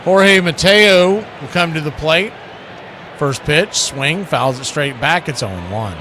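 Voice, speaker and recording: Bright-voiced baseball play-by-play man. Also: lively intonation, slow pace, slight background noise. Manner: chatty, opinionated between pitches. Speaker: radio baseball play-by-play host. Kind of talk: live baseball play-by-play commentary.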